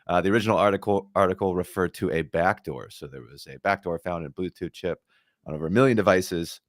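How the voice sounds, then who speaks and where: A man's voice: low-pitched, quick pace, dry recording, clean studio sound. A man co-hosting a tech podcast, upbeat and casual, laughing often as he talks through the news. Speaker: podcast co-host.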